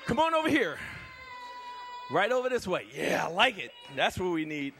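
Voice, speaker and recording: A man's voice: high voice, normal speed, gravelly. A man performing a strength ministry demonstration on stage at a church event, talking energetically and rallying the audience and kids. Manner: energetic, rallies the crowd and kids.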